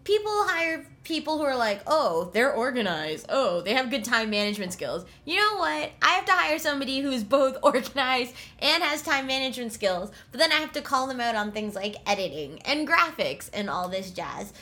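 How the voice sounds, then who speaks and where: A woman co-hosting a podcast in lively casual chat. Her voice is bright and forceful, a touch higher than most, and she talks loudly and laughs often. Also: moderate pace, hardly any pauses. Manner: loud, laughs often, animated. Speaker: podcast co-host.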